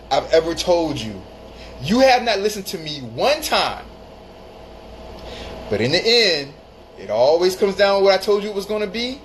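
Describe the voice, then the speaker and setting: Male live-stream host, slightly high voice, blunt and emphatic, repeats lines for stress, faint hiss behind. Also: sing-song, normal speed, low-quality recording. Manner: greets viewers mid-talk. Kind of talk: casual live-stream advice monologue.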